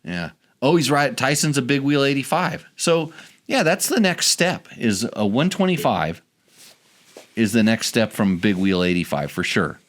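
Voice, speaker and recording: A man's voice: mid-range voice, expressive, normal speed. A man hosting a casual podcast chat, rambling and restarting his sentences as he goes. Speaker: podcast host.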